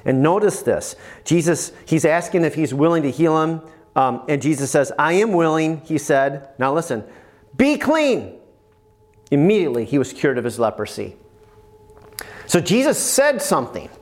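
A man preaching a sermon, emphatic and animated, with bursts of praise. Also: on the high side, moderate pace.

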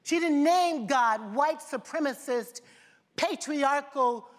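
A woman's voice: fairly high pitch, lively intonation, measured pace. Impassioned woman preaching in a reverberant hall. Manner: impassioned, rhetorical questions, repeated phrases. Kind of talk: sermon. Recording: long reverb of a large hall.

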